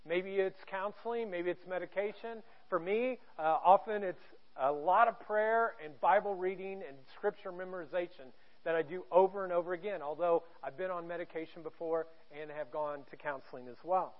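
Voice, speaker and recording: A man's voice: high voice, normal speed. A man from Indiana preaching a sermon in a church auditorium, candid and self-deprecating, with a joking manner. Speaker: pastor. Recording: tinny, phone-like narrow sound.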